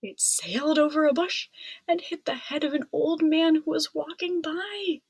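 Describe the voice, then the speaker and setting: A woman reading a children's picture book aloud in an expressive, dramatic way. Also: sits high, moderate pace, no echo. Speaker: storybook reader. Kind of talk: children's storybook read-aloud.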